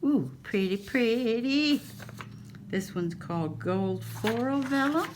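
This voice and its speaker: A woman's voice: a little high, expressive, takes it slowly, slight background noise. A woman hosting a casual craft haul, gushing and cooing over each item as she shows it at home. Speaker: craft channel host. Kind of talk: casual haul show-and-tell.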